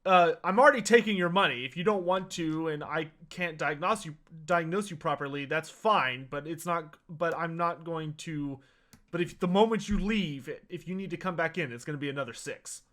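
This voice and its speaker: A brusque, refined doctor with clipped, no-nonsense manners, as a game master puts him on. The voice sits a touch high. It plays out in a tabletop game. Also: male voice, moderate pace, fairly bright tone, natural voice. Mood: blunt.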